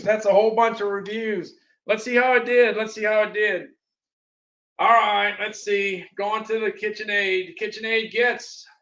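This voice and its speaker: High-voiced rambling man hosting a livestream. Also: low-quality recording. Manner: rambling, repeats phrases, excitable bursts. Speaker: livestream host reviewing products. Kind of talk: casual livestream product chat.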